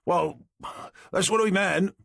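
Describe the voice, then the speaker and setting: A man's voice: high voice, slow pace, gravelly, fairly bright tone, dry recording, clean studio sound, pitched above the performer's own voice, full character voice. Man voicing a chirpy, nervous getaway driver. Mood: chirpy, defensive. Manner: chirpy, defensive.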